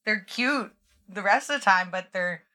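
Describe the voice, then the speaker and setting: A woman's voice: medium pitch, moderate pace, bright, forceful tone. A woman co-hosting a podcast, giggly and playful in casual chat. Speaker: podcast co-host.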